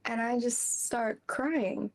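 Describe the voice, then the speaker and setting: A woman's voice: on the high side, slow pace. Woman telling a rambling personal story. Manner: rambling, heavy use of "like", laughs between phrases. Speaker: interview guest.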